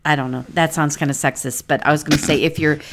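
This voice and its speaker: A woman with a fairly low voice co-hosts a podcast in relaxed chat. She is warm-hearted and chatty. She laughs easily as she talks with her co-host. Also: fast, slight background noise. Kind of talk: casual chat.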